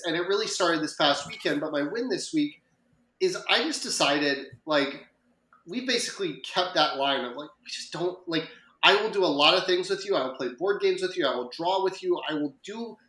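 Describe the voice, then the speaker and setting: A podcast co-host, a man, chats casually and rambles through a story, full of fillers and self-corrections. His voice is a little high and fairly bright, recorded in an echoey room.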